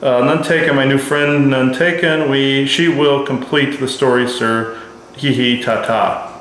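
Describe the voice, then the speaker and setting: A man's voice: medium pitch, fairly even intonation, measured pace, fairly bright tone, a little hiss or hum, natural voice. A man voicing a courteous male alien envoy who speaks with formal, old-fashioned politeness and little giggles, in a very echoey room. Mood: gracious.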